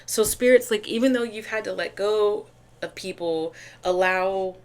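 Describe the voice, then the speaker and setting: A woman doing a casual tarot reading to camera, talking chattily and excitedly, with lots of restarts and fillers. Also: medium pitch, measured pace. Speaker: tarot reader.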